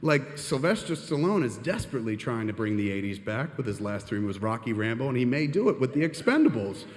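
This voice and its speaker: A man's voice: medium pitch, very animated, fast. Profane rambling man telling stories on stage. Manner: profane, rambling, self-deprecating. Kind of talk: comedic storytelling monologue. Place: live venue stage. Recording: reverberant live hall.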